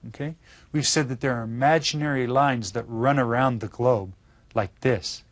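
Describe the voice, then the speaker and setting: A man teaching an elementary lesson, patient and slow, repeating words and checking in with his students. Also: mid-range voice, no room sound. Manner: patient, explains slowly with repeats and check-ins. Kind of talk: classroom lesson.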